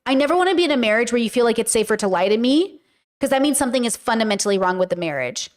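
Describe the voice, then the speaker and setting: A woman's voice: on the high side, lively intonation, rapid-fire. A woman podcast host giving casual, chatty commentary on a clip, acting out quoted lines as she talks.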